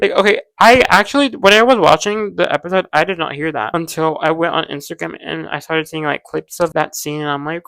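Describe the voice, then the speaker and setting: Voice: medium pitch, normal speed, vocal fry, a bit bright, clean tone, no room sound. Gushing, rambling pop-culture podcast host. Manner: gushing, rambling, heavy use of "like". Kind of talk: casual pop-culture chat.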